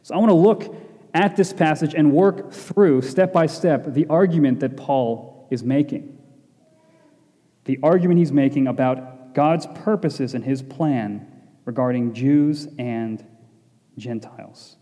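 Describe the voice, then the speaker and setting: A man's voice: mid-range voice, unhurried, dark tone. A man preaching a Bible sermon to a congregation, emphatic, repeating key phrases and asking rhetorical questions. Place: church hall with congregation. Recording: long echoey hall reverb.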